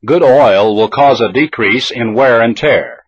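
A man reading a scripted language drill slowly, with careful, deliberate enunciation. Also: mid-range voice, slightly rough, dry recording. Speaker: language teacher. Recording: dull lo-fi old tape recording.

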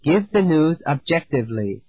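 A man with a slightly high, husky voice teaches an English lesson in a measured, deliberate way. He reads out words and sentences slowly and clearly for learners to repeat. The sound is dry and a little dull, like an old lo-fi lesson tape. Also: big pitch swings, no room sound. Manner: slow, clear, deliberate drilling with pauses. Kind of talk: scripted language lesson narration.

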